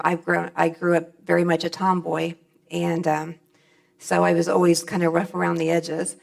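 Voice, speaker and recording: A woman's voice: on the low side, gravelly. A middle-aged woman speaking on stage at a convention, giving a plainspoken, folksy personal testimony.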